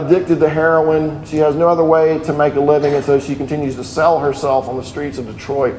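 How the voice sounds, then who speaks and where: A man's voice: on the high side, darkish tone, a little hiss or hum. A middle-aged man preaching a sermon, earnest and telling stories with many restarts. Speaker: pastor. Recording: echoey room with faint ambience.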